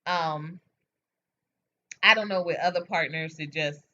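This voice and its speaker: A woman hosts a late-night livestream from home, talking openly and answering her viewers' comments one after another. Her voice is bright and forward. The webcam audio sounds dull and lo-fi. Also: sits low, measured pace. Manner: animated, frank, reads out and answers viewer comments. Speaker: livestream host. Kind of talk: casual chat with viewers. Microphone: webcam or phone mic.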